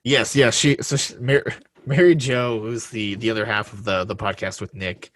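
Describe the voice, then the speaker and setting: A man co-hosting a casual podcast chat, wry, often dropping low and quiet when he sums things up. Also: fairly even intonation, normal speed. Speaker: podcast co-host.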